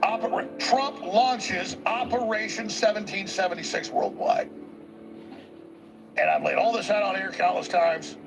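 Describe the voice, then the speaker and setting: A man's voice: high-pitched, fairly even intonation, measured pace, music in the background. A man hosting a talk show, delivering a rambling, emphatic political monologue and repeating words as he presses each point.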